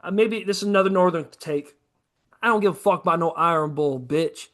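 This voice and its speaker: A man with a high, light voice holds forth in loose podcast chat. He swears freely, rants with gusto and slips into mocking put-on quotes to make his points. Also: fairly quick. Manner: profane, animated ranting with mocking quoted asides. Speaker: podcast co-host. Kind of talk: casual sports chat.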